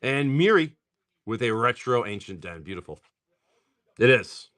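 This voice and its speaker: Opening card packs live, this middle-aged stream seller rattles off card names quickly and chats with buyers in casual commentary. His medium-pitched voice is a bit bright and swings widely in pitch.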